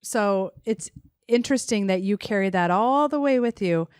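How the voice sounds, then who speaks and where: A woman's voice: medium pitch, lively intonation, normal speed, smooth, no echo. Woman podcast host with a dry sound. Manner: thoughtful questions with wry asides and laughter. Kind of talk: conversational interview.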